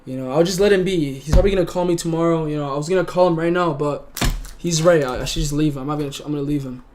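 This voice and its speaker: A man's voice: fairly high pitch, rapid-fire, a little mellow, a little hiss or hum. A young man streaming live, talking earnestly and emotionally, often stumbling over and repeating his words. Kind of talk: casual livestream chat.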